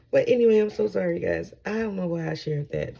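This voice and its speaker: A woman's voice: on the low side, gravelly, warm tone, lo-fi sound. A woman giving a casual spiritual teaching from home, rambling and swearing freely, often checking in with her listeners. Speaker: spiritual channeler.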